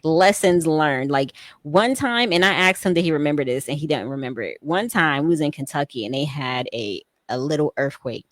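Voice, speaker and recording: Low-voiced woman telling her story. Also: normal speed, hardly any pauses, no room sound, clean studio sound. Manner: animated, laughs often, acts out quotes. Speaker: guest, army veteran and mother. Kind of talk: casual storytelling interview.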